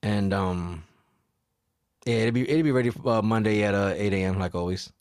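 A man's voice: lowish voice, moderate pace, no echo, studio quality. A man hosting a casual podcast, swearing freely, laughing often and getting worked up as he chats with his co-host. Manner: profane, animated, laughs often.

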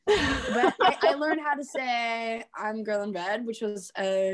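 A woman's voice: on the high side, slow pace, no echo. A young woman from Norway chatting casually, rambling with lots of fillers and restarts. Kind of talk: casual chat.

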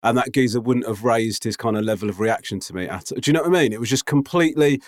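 A man in casual conversation, speaking at a mid pitch with wry, deadpan asides. The sound is dry and close. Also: fast, no room sound. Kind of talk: casual chat.

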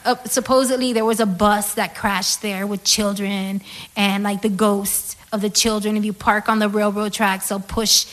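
Woman telling stories, animated. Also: mid-range voice, normal speed. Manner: animated storytelling, swearing, lots of "like" fillers. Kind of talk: casual chat.

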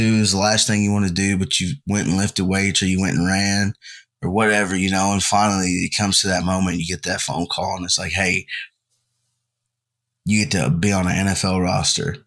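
Young male co-host, low voice, loose casual chat. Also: normal speed. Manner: relaxed, rambling, filler-heavy. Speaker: podcast co-host.

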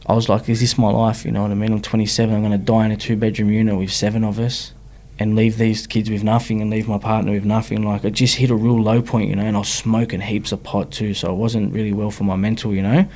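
Fast-talking and lowish-voiced, this Australian rapper from Sydney shows little pitch movement and a slightly mellow tone. Interviewed as a guest, he tells his personal story frankly in slang, often tacking on "you know what I mean."

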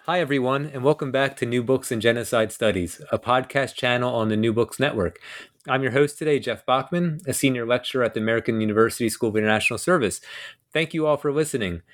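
A man's voice: mid-range voice, fast talker. A man hosting an academic podcast, introducing his guest and asking questions with many fillers. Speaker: podcast host. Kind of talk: podcast interview.

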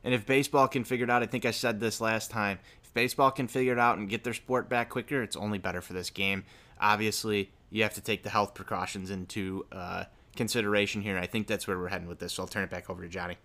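A man with a fairly low voice makes his case earnestly, circling back to repeat his main point. He talks in a relaxed, conversational way. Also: quick pace. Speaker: podcast co-host. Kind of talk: casual sports chat.

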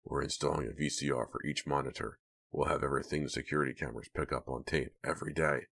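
A man's voice: a bass voice, fairly even intonation, fast, gravelly, a bit bright, breathy edge, full character voice. Man doing a dry, offhand young guard.

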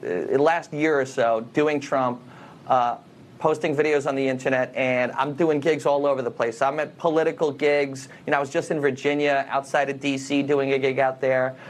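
A man's voice: medium pitch, steady tone, moderate pace. A man who does stand-up comedy, speaking as an interview guest in an upbeat, earnest and talkative way.

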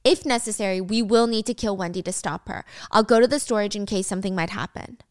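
A woman's voice: mid-range voice, quick pace, no echo, studio quality, natural voice. A woman reading a blunt, suspicious teen boy. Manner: blunt, commanding. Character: suspicious, hard-headed teenage boy.

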